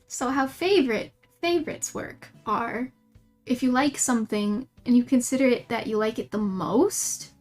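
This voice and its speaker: A young woman chats on a live stream while she draws, rambling and giggling at her own jokes. Her voice sits a little high and she talks at a slow, unhurried pace. Soft music plays behind her. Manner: rambling, giggly, self-mocking. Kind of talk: casual livestream chat while drawing.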